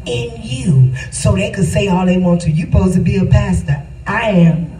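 A woman's voice: fairly low pitch, measured pace, warm tone, echoey room, distant mic, slight background noise, poor audio. A woman pastor giving a casual spiritual testimony with an emphatic, repetitive, preacherly cadence.

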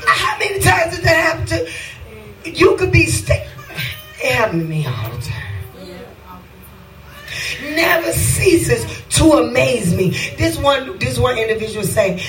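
A woman preaching a sermon with a rhythmic cadence, breaking into shouts and sung phrases. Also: high-pitched, very animated, unhurried, pauses often, echoey room, distant mic, faint music behind, rough recording.

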